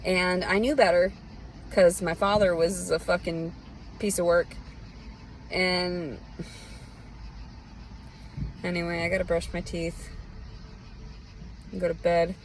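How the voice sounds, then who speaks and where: A woman's voice: lowish voice, level tone, takes it slowly, long pauses, a little hiss or hum, low-quality recording. A woman with a Southern US accent ranting bitterly and profanely in a rambling, unscripted monologue. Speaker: vlogger. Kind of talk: unscripted personal rant.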